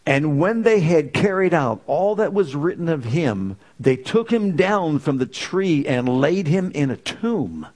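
A man's voice: fairly high pitch, sing-song, a little slow, few pauses, darkish tone. A man preaching a sermon as pastor, stressing key words and calling out to the congregation.

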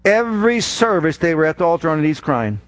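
Pastor guy preaching from the pulpit, pretty high voice, lively with sarcastic little asides. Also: fast. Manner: animated preaching with mocking asides. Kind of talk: sermon. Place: church.

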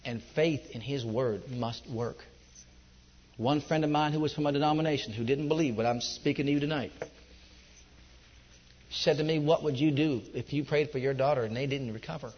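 A middle-aged man preaching a sermon, telling his own testimony with passion, moving between loud, high outbursts and low, hushed stretches. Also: moderate pace. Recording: dull echoey hall recording.

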